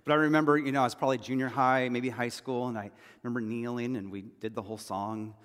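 A man's voice: medium pitch, steady tone, fast, a bit bright. A man preaching a sermon as pastor, talking in a loose, conversational storytelling way with asides and repeated phrases. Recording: long hall reverb.

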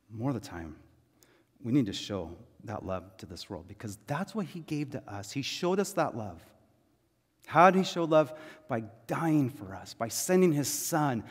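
A man's voice: medium pitch, slightly rough, long reverb tail. A man preaching a sermon as pastor, acting out the people in a parable with casual, conversational voices.

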